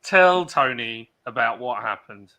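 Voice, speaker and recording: A man joining a livestream over a video call, animated and joking, showing off a gadget to the others. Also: medium pitch, a little slow. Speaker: livestream guest. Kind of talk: casual chat.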